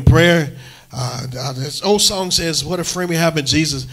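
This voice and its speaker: A man's voice: on the high side, normal speed, fairly bright tone. A man preaching a sermon as pastor, emphatic, peppering his talk with "amen" and lifting his voice when he reads scripture aloud.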